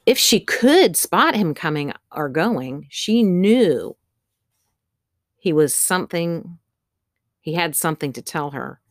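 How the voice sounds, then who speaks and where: A woman with a low voice narrates a children's storybook in a steady storytelling manner. The recording is close and dry. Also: no echo. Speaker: audiobook narrator. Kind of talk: scripted narration.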